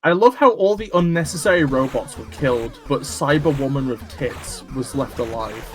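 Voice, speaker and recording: A man with a medium-pitched voice talks at a normal speed while streaming a game as host. He chats casually, teases his partner and swears freely throughout the gameplay.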